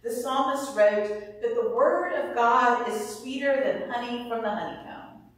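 A woman calmly teaching ways to meditate on scripture, in a measured, explanatory manner. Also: fairly high pitch, distant mic. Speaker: Bible teacher. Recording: roomy echo, voice somewhat off-mic.

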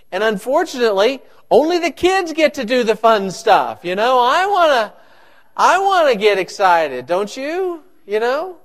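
A man preaching a sermon to his congregation, animated and joking with the listeners. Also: sits high. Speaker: pastor.

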